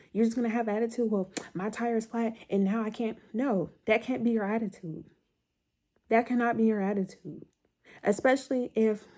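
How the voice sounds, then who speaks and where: This is a middle-aged woman speaking to camera as a mental health content creator, her mid-range voice dark in tone. She motivates viewers with emphatic, direct, repetitive self-help guidance.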